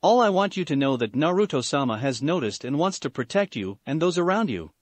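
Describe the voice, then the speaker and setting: A man's voice: on the high side, big pitch swings, fairly quick, no echo. A man voicing a sinister snake-like male scientist who chuckles creepily and speaks with menace. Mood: sly. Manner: menacing, amused.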